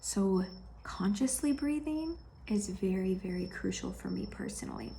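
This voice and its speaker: A woman speaks gently and intimately in a personal vlog, addressing the viewer with affection. Her voice is mellow and slightly gravelly, with faint room noise underneath. She often sinks into a soft, breathy whisper. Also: mid-range voice, animated, moderate pace. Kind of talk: heartfelt personal vlog share.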